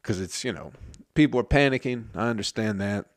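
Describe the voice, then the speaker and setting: A man's voice: fairly low pitch, animated, fairly quick, no room sound, studio quality. A man who works in a restaurant kitchen, telling a story as a heated, profane rant.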